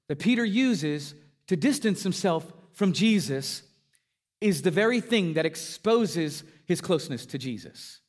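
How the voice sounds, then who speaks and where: A man preaching a sermon, retelling a scripture passage with his pitch climbing for emphasis and dropping low on key lines. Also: big pitch swings, a little slow. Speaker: pastor.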